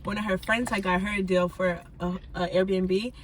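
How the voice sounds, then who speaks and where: A woman's voice: medium pitch, fairly even intonation, normal speed, a little hiss or hum. A young woman joining a friend's casual storytime vlog from a parked car, jumping in and finishing her sentences. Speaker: friend and co-host.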